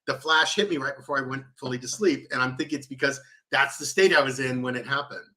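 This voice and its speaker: A man's voice: medium pitch, fast talker, sharp tone. A man co-hosting a casual talk show, telling stories animatedly with lots of laughter. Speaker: co-host. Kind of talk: casual chat.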